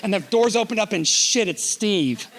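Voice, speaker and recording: A middle-aged man giving an animated storytelling keynote on a conference stage, joking as he goes. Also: high-pitched, moderate pace, background noise. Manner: animated, reads letters aloud, jokey asides. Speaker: keynote speaker.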